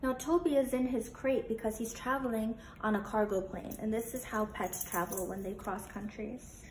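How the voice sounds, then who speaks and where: Brief: woman teacher, animated interactive read-aloud for children, echoey room, faint noise. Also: on the high side, normal speed. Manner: animated, asks children questions.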